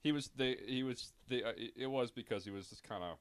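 A man's voice: medium pitch, quick pace, smooth. A man talking casually as a podcast guest, profane and rambling, laughing through his stories.

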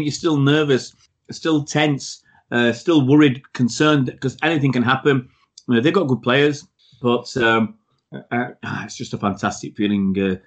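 A man in a casual football podcast chat, speaking at a mid pitch. He is blunt and outspoken and does not soften his opinions. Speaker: podcast co-host.

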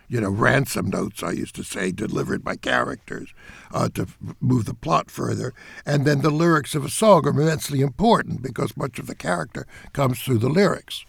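An older man, a theater director, giving interview answers in an emphatic, animated way. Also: medium pitch, vocal fry, breathy edge, no room sound, clean studio sound.

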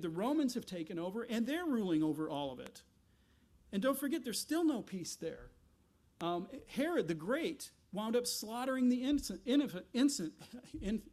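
High-voiced man preaching a sermon. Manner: animated teaching with asides and rhetorical questions. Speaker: pastor.

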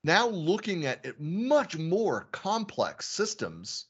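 A man's voice: high-pitched, wildly swooping pitch, slow pace, breathy edge, lo-fi sound. A man hosting an interview podcast, talking casually and animatedly while he stacks up points in long lists. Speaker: podcast host.

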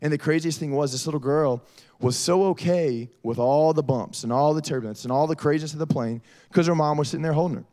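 A man's voice: on the high side, fast talker. A man preaching to middle schoolers as a youth pastor, telling stories. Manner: lively storytelling, addresses audience as y'all. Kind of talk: youth sermon.

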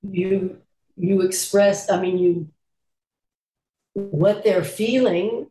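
Older actress guest, slow and unhurried, chuckling through anecdotes, recorded in a roomy, echoey space. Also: female voice, medium pitch, steady tone, mellow. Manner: unhurried, laughs often while telling stories. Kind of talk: casual interview storytelling.

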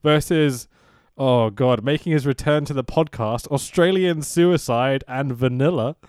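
A man's voice: mid-range voice, measured pace, smooth, no echo. Podcast guy, casual and sweary, dry close mic. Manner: laughing, swearing, animated. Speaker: podcast co-host. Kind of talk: casual chat.

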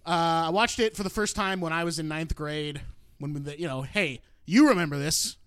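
High bright-voiced young man swearing. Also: moderate pace, clean tone, no echo, clean studio sound. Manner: animated, swearing, shouts out acted outbursts. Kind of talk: profane comic storytelling.

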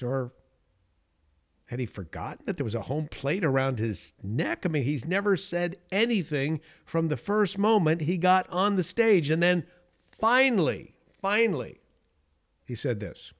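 A man hosting a podcast, telling a story in an animated way and chuckling as he goes. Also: a little high, measured pace. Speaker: podcast host.

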